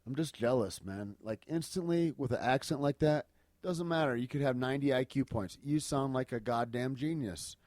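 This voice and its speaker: A man hosting a casual podcast, talking in loose, profane, rambling rants full of jokes. His voice sits at an ordinary pitch and sounds close and dry, with no room around it. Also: moderate pace, darkish tone, no room sound. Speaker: podcast host. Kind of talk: casual chat.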